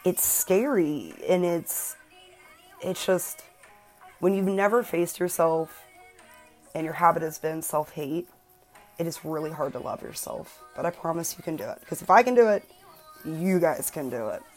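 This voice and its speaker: A woman's voice: low voice, unhurried, faint music behind. A woman in her twenties hosting a personal self-help podcast, talking earnestly and emphatically and swearing freely. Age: 20s. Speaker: podcast host.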